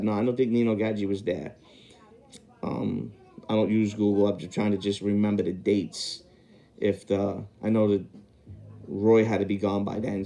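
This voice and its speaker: A man's voice: on the low side, mellow. A man hosting a podcast who tells a long story casually, wandering off and correcting himself as he tries to remember details. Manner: rambling, self-correcting, stops to recall details. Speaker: podcast host telling a story.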